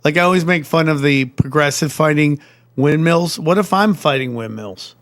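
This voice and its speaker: A man's voice: a little high, normal speed, a bit bright. A man hosting a podcast in casual chat, joking and swearing as he plugs tour dates. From United States. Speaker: podcast host.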